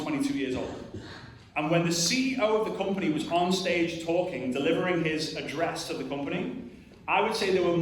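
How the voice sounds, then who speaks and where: A man with a fairly high voice delivers a live motivational talk, direct and punchy, firing questions at the crowd. He is picked up from a distance in a very echoey hall, with a faint hum of the room behind him. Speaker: motivational speaker at a network marketing event. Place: large hall with a live audience. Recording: very echoey hall recorded from far off.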